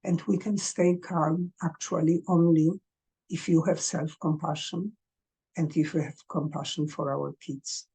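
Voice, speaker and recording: A woman coaching parents in a gentle, earnest advice talk, speaking English as a second language. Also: low voice, steady tone, unhurried, husky.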